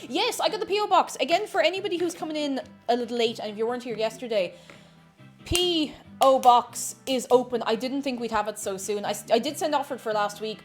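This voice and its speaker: An Irish woman streaming while she bakes. She chats casually in her home kitchen, reads out viewers' messages and greets each one excitedly. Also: fairly high pitch. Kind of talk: casual livestream chat while baking.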